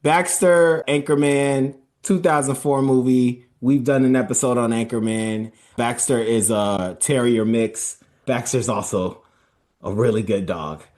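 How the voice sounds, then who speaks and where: A man's voice: mid-range voice, fairly even intonation, a little slow, darkish tone. Easygoing man hosting a podcast. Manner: easygoing, chuckling while introducing. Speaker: podcast host moderating a bracket. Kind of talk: casual chat.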